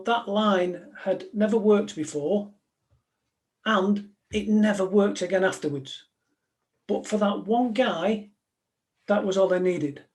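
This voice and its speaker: This man, formerly a police negotiator, delivers a direct, anecdote-rich talk to the people in front of him, keeping it conversational. His voice is high and a little mellow.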